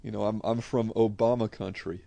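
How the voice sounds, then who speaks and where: Fairly low-pitched, gravelly yet warm, a man delivers flat, brisk speech with no room sound. This New England-accented Connecticut, USA native fields viewer questions in casual unscripted chat, blunt and rambling, cursing freely.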